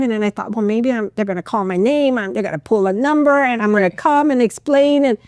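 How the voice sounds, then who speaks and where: A middle-aged woman, a pharmacist guest on a podcast, recounting a personal story in a heartfelt, expressive way and acting out what people said. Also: fairly high pitch, fairly quick, few pauses, no room sound, clean studio sound. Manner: heartfelt, expressive retelling with acted-out quotes.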